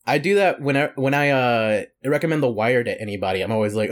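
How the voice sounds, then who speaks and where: A man co-hosting a podcast in casual chat, easygoing and quick to laugh, often rambling. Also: on the low side. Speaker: podcast co-host.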